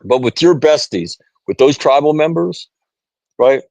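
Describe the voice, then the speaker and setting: A man's voice: on the high side, expressive, measured pace, gravelly, darkish tone, no echo, low-quality recording. A middle-aged American man telling stories in conversation, earnest, often asking "right?" and restarting phrases. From United States. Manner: repeats "right?", many restarts, quotes others. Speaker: podcast guest, author.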